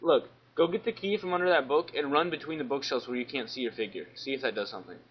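Fast-talking young man giving game tips. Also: mid-range voice, husky. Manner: practical, gives instructions, repeats words in bursts. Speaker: gamer. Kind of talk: casual group let's play. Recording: dull lo-fi mic.

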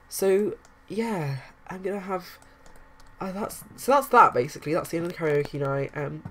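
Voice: medium pitch, animated, moderate pace, a bit bright, slight background noise. A casual let's-play commentator who rambles through gameplay with many fillers and restarts, hiccuping now and then.

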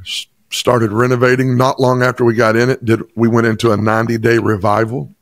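A man's voice: medium pitch, little pitch movement, brisk, no echo. A pastor from Chattanooga, a man, telling an emphatic personal testimony in an interview. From Chattanooga, Tennessee. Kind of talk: interview storytelling.

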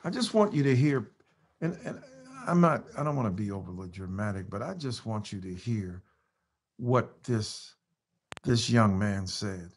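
At a virtual talk, the guest author, an American man on a video call, reads aloud with impassioned emphasis, pausing to apologize. He speaks at a measured pace in a fairly low, expressive voice.

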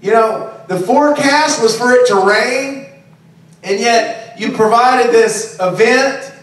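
Brief: male pastor, high voice, preaching loosely and conversationally, miked from afar in a very echoey room. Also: slow pace, a bit bright. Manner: conversational preaching with frequent "okay?" and "right?". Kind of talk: sermon. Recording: very echoey, distant room recording.

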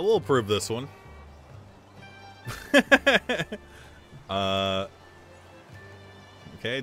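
A man's voice: medium pitch, bright, forceful tone. A man livestreaming in casual chat, joking and swearing, laughing often as he talks.

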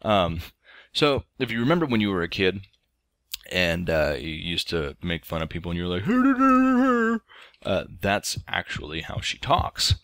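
Deep-voiced man rambling through a story. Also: moderate pace, fairly bright tone, no room sound. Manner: rambling, lots of ums and restarts. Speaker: let's play host. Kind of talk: casual storytelling over gameplay.

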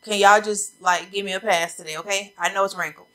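A woman's voice: mid-range voice, steady tone, a little fast, a bit bright, rough recording. A woman, chatting casually to viewers about coats in a try-on video, a little out of breath. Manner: chatty, addresses viewers as y'all. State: slightly out of breath. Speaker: fashion vlogger. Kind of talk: casual try-on haul chat. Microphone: camera mic facing a ring light.

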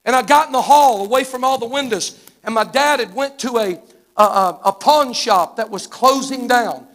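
A man in his fifties with a Southern American accent, preaching from the pulpit in a very high, strained register. He tells stories fervently and folksily, circling back and repeating himself for emphasis. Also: moderate pace, a bit bright. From Arkansas. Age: 50s. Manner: fervent, storytelling, folksy with repetitions. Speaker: guest preacher. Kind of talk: live church sermon. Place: church sanctuary.

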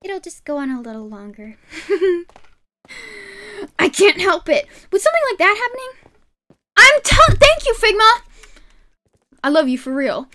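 Woman game streamer, live commentary, excitable yelling, sore throat; bright, high voice. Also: unhurried, long pauses.

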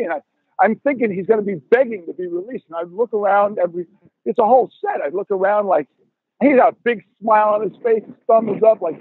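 A man in his sixties, a guest musician telling profane, animated stories in a podcast interview over a tinny phone line. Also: sits high, fairly quick, breathy edge, no room sound.

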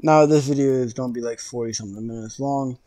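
A young man casually commenting on his gameplay for viewers, joking around and now and then bursting out in loud excitement. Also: mid-range voice, fast. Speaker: gaming streamer.

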